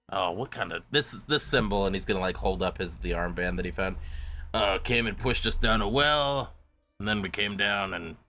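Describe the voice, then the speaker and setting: A man playing in a tabletop game, halting and rambling as he recaps. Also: on the low side, sharp tone. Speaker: player. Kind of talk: casual tabletop play.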